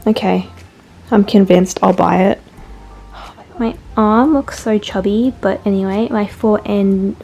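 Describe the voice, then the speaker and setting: A young woman vlogging at home, gushing excitedly through an unboxing with lots of exclamations. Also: medium pitch, measured pace, vocal fry. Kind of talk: casual unboxing vlog. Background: soft background music.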